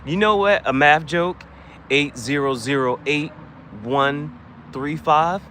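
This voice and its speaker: A man chatting casually and joking, laughing often and swinging his voice high and low. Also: slow, sharp tone, slight background noise. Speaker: channel host.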